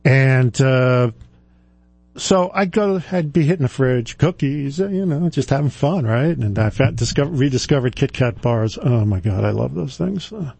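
A man's voice: mid-range voice, gravelly, darkish tone, breathy edge, dry recording. A man hosting a radio show, telling a rambling, self-deprecating story in a casual way with frequent chuckles. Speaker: radio show host and retirement planner.

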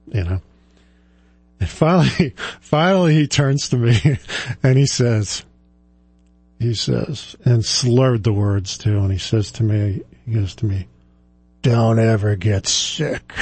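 A man's voice: fairly low pitch, darkish tone, slightly rough, dry recording. A man hosting a radio show, telling a rambling, self-deprecating story in a casual way with frequent chuckles. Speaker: radio show host and retirement planner.

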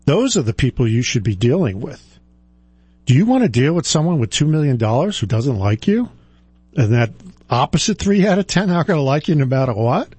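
A man in his sixties, a financial advisor, talking reflectively in a halting way, with many fillers and restarts. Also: medium pitch, sing-song, a little mellow, slightly rough, no room sound. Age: 60s. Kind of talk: reflective personal talk.

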